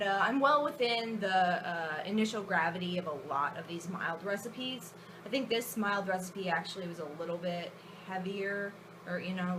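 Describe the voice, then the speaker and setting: A woman's voice: mid-range voice, noisy background. Chatty woman homebrewer rambling aloud. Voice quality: chatty, rambling, self-deprecating. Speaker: home brewer. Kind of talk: casual brew-day vlog chat.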